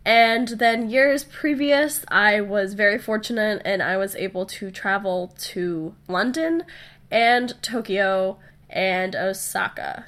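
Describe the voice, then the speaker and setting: A woman's voice: mid-range voice, a bit bright. A young woman with a cold, her voice nasal and stuffy, hosting a casual, chatty podcast episode on her own. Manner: chatty and upbeat, with fillers and small laughs. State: sick with a stuffy nose. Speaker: podcast host. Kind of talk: casual solo podcast talk.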